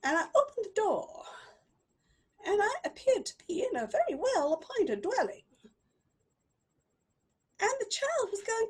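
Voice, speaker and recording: High, dramatic woman storyteller. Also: very animated. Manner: dramatic, slow, with long pauses. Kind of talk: improvised live storytelling.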